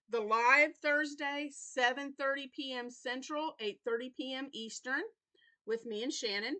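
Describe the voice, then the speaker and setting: Woman, Southern US accent, bright tone, slightly high pitch, rambling casual vlog talk, tired and yawning. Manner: rambling, chatty, with many fillers and apologies. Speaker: crochet channel host. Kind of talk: casual weekly update vlog.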